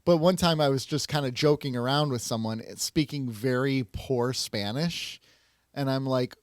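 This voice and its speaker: A man co-hosting a casual podcast, joking and poking fun at himself as he talks. His voice sits at an ordinary middle pitch. The sound is close and dry, with no room around it. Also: moderate pace, dry recording. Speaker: podcast co-host. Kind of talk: casual chat.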